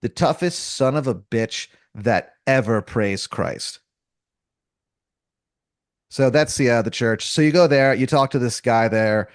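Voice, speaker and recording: A man's voice: mid-range voice, unhurried, no echo, studio quality. Rambling man narrating an improvised game. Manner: rambling, loose, with many fillers and restarts; crude, casual slang. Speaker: game master. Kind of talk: improvised comedic storytelling.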